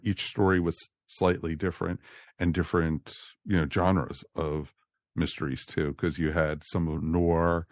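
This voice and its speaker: A man's voice: rumbling low, no echo, studio quality. A man co-hosting a podcast, chatting in an easygoing way with fillers. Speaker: podcast co-host. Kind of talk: casual review chat.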